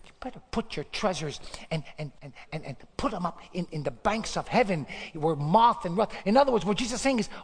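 A man preaching an impassioned sermon, swinging between loud bursts and hushed lines, often stammering and repeating words. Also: high-pitched. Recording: long hall reverb.

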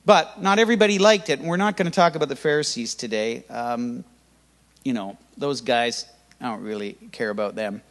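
An older man preaching a sermon as pastor, lively and humorous, with sudden loud rises. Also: mid-range voice, a little fast. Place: church hall. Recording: church hall reverb.

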